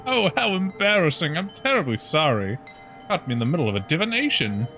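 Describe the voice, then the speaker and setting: A man's voice: on the high side, sing-song, a little fast, bright, forceful tone, faint music behind, voice pushed up, heavily acted. A man playing a frazzled, fussy village mayoress. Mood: flustered. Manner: jittery, fussy and prim.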